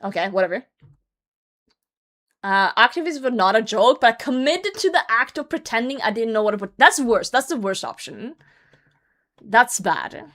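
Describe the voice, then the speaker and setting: A woman streamer with a slightly high voice reads a story aloud to her chat. She breaks in often with blunt, profane remarks and laughs as she goes, talking into a desk microphone at home. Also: big pitch swings, normal speed, long pauses, fairly bright tone. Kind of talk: livestream chat, reading a story aloud with commentary.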